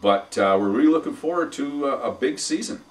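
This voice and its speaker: A man co-hosting a casual sports talk show who speaks in halting bursts full of fillers, building up enthusiasm as he goes. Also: medium pitch, lively intonation, recorded from a distance. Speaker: podcast co-host and arena announcer.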